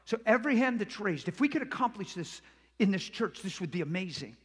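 A man preaching a sermon as a pastor, animated and acting out the voices he quotes, recorded in a church sanctuary. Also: high voice, a little fast, slightly rough. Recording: echoey church hall reverb.

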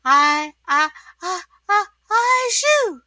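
A woman reading a storybook aloud and voicing an excitable young male sea sponge who is sick, with high squeals and loud sneezes. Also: measured pace, dry recording, clean studio sound, exaggerated voice. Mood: sneezing.

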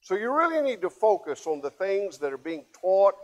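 Older man preaching with loud emphatic swings. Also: big pitch swings, normal speed, dull audio. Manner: preaching with swings between loud emphatic peaks and low quiet asides. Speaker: pastor. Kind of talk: sermon.

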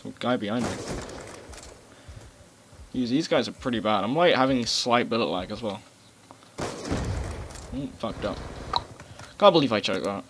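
A man giving casual live commentary over his gameplay, rambling, swearing and breaking into loud outbursts. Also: medium pitch, measured pace, pauses often. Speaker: gaming commentator. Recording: game gunfire noise behind voice. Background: gunfire and explosions from the game.

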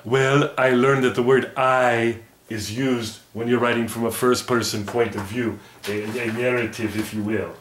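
A man's voice: mid-range voice, steady tone, a little slow, hardly any pauses, fairly bright tone, echoey room, a little hiss or hum, lightly acted. A man voicing an eager puppy puppet. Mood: cheerful. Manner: polite, eager, a bit formal. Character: puppy mascot "Math Mud", eager male dog puppet.

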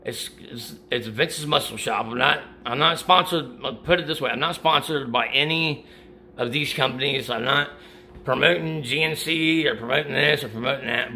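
A man's voice: medium pitch, pushed and bright, a little hiss or hum. A middle-aged man chatting casually about workout gear and supplements, out of breath after a workout, rambling and restarting his sentences. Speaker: vlogger giving supplement advice. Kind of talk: casual chat.

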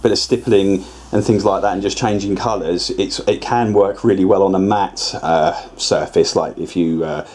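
Easygoing man with a mellow, low voice. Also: steady tone, moderate pace, hardly any pauses, breathy edge. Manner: rambling, chatty, self-correcting, with many restarts. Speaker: scale model builder. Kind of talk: casual voice-over tutorial.

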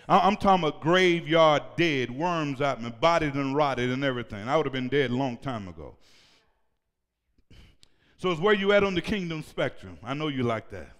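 Preaching man in a reverberant church. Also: on the high side. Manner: shouting, call-and-response preaching. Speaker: pastor. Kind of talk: sermon. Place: church sanctuary.

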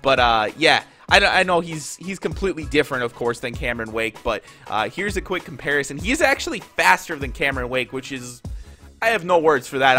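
The young Minnesota gaming YouTuber keeps up casual commentary for viewers while cracking open card packs in a game. Congested and nasal, his voice is a little high, bright and forceful.

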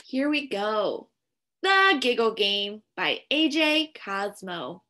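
A woman teacher reading a picture book aloud to young children, slow and animated. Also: medium pitch.

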